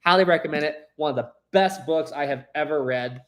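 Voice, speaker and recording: A man's voice: fairly high pitch, brisk. A man chatting casually with viewers as host of a live stream, rambling and laughing easily.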